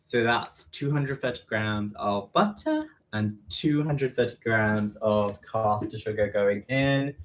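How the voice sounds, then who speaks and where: A man's voice: fairly low pitch, animated, slow pace. Chatty East London man baking at home. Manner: chatty, self-deprecating, repeats quantities aloud. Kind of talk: casual live baking chat. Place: home kitchen.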